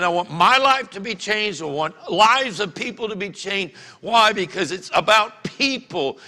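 Brief: pastor, middle-aged, bright tense voice, folksy storyteller, reverberant church hall. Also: male voice, high-pitched. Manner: folksy, animated storytelling with acted-out quotes. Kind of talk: sermon. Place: church sanctuary.

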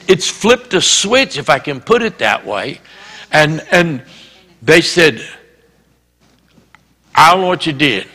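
A man's voice: a little high, sharp tone. A man with a Southern US accent preaching a sermon as pastor, telling a story and acting out the dialogue. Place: church sanctuary. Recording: reverberant church hall.

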